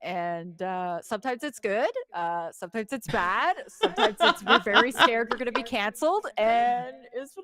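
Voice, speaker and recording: A woman's voice: on the high side, expressive, normal speed, few pauses, a crowd in the background. A woman co-hosting a casual game podcast, laughing a lot and swearing offhandedly. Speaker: podcast co-host.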